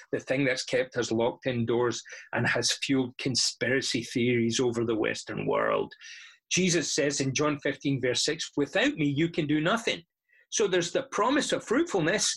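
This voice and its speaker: Man, middle-aged, pastor, sermon, husky, animated storytelling. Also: a little high. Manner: animated storytelling, acting out quoted voices.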